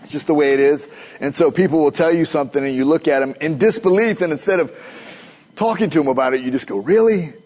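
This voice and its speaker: A man's voice: fairly high pitch, fast talker, darkish tone, dull audio. Man preaching a conversational sermon. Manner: conversational, asks the audience questions.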